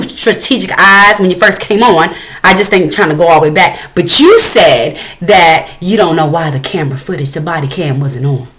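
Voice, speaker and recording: A woman's voice: lowish voice, a bit bright, rough recording. A woman hosting a reaction commentary, talking in an angry, confrontational and profane way. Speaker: commentary host.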